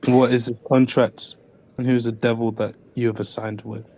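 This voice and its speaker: A man playing a tabletop game, calmly questioning a prisoner in character. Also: mid-range voice, normal speed. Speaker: player.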